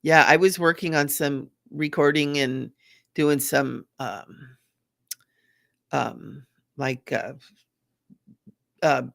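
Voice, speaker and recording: A middle-aged woman, a psychic medium, chatting casually and gently during a live reading, repeating her phrases. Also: low voice, fairly even intonation, slow pace, gravelly, long pauses, no room sound, clean studio sound.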